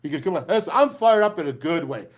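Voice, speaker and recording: A man's voice: fairly high pitch, animated, quick pace. Fired-up older man hosting sports talk. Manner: fiery, rambling, pep-talk delivery. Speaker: sports talk show host.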